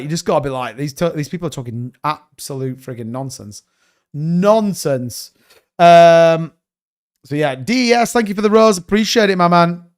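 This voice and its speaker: A man hosting a crypto livestream, rambling and blunt, cursing freely in casual chat. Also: fairly high pitch.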